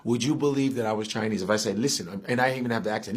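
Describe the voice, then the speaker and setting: A man's voice: lowish voice, rapid-fire, slightly rough. A man born in the United States, talking in a heated, profane, casual way and firing rhetorical questions at the person he is talking to.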